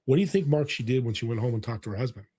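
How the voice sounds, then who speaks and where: A Californian man in his sixties races through personal stories in a medium-pitched, slightly rough voice. He's a guest in a casual interview, animated and earnest, and he restarts himself frequently.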